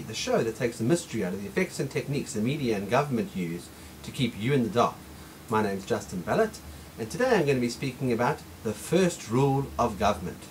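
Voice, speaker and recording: A man's voice: high-pitched, slight background noise, rough recording. A man hosting an opinion monologue, insistent and emphatic, repeating his points. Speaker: host.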